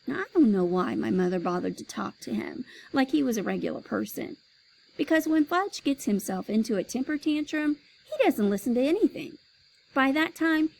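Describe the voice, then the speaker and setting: A woman reading a children's chapter book aloud, with expressive, lively storytelling. Her voice sits a little high and carries a strong gravelly fry. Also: low-quality recording.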